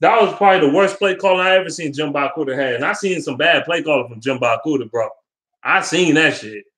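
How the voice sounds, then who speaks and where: A man's voice: a little high, fast, a bit bright. Heated, profane young man ranting. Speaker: sports fan vlogger. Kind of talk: casual sports rant.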